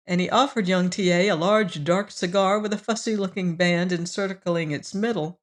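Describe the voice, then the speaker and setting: A woman narrating a classic novel as an audiobook, measured and expressive. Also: fairly low pitch. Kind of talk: scripted narration.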